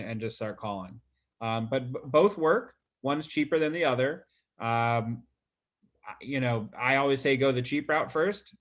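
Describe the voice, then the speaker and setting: A man's voice: mid-range voice, fairly bright tone. A man coaching real estate agents on a group video call, talking loosely with lots of fillers and repeated words.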